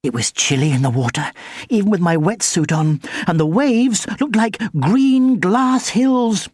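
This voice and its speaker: A woman narrating a children's audiobook with expressive, lively storytelling. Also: mid-range voice, measured pace, dry recording, clean studio sound.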